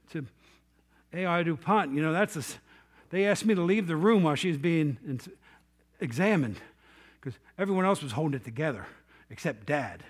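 A middle-aged man delivers a sermon as a pastor, retelling a Bible story with lively storytelling. His voice sits high for a man.

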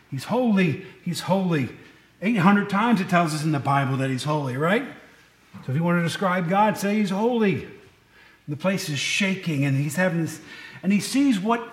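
Middle-aged man, pastor, high-pitched, joking asides, echoey church. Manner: chatty, joking asides to the congregation. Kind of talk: casual sermon.

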